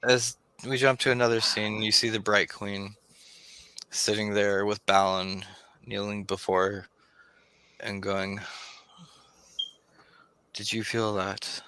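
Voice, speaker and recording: A man narrating a tabletop game as game master in slow, dramatic storytelling. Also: fairly low pitch, little pitch movement, bright, forceful tone, a little hiss or hum.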